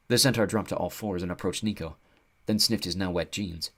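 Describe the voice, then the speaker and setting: A man narrating an audiobook with an expressive storytelling delivery. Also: deep voice, fairly quick.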